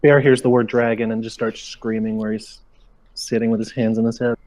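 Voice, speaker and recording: A man's voice: medium pitch, flat delivery, brisk, a little mellow, low-quality recording. Male tabletop player, plain and matter-of-fact narration. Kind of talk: describing his character's actions.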